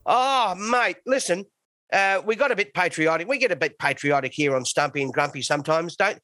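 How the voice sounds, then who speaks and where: A man's voice: sits high, animated, fairly quick, bright, forceful tone, no echo. Blunt, swearing Australian man on a call. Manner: blunt, swearing, joking banter. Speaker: podcast co-host. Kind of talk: casual podcast chat. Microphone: video call.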